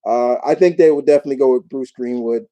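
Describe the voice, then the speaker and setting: A man from New York hosting a casual live Q&A, talking in a rambling, animated way with many restarts. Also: medium pitch, fast talker, low-quality recording. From New York, United States. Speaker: YouTube show host.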